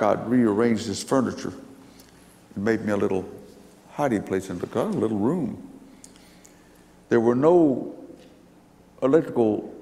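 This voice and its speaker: Older man with a gravelly voice, testifying in a hall. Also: on the low side, darkish tone. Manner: folksy, rambling storyteller. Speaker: speaker giving a testimony. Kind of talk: storytelling testimony to an audience.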